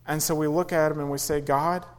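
A man's voice: fairly high pitch, level tone, quick pace, a little mellow, clear, resonant tone, low-quality recording. A man preaching a sermon in an earnest way, rising and falling for emphasis and acting out quoted pleas. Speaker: pastor.

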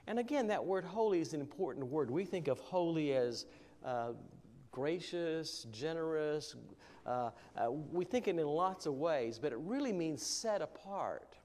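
Guy preaching, bit high voice, chatty and loose, lots of uh's, echoey hall. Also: expressive, measured pace, a little mellow. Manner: conversational, with frequent fillers and restarts. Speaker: pastor. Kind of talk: sermon.

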